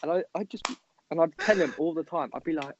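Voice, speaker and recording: A young man co-hosting a podcast, telling a story in an animated, exasperated way. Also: a little high, fast, a little hiss or hum. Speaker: podcast co-host. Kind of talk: casual storytelling chat. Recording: dull lo-fi podcast audio.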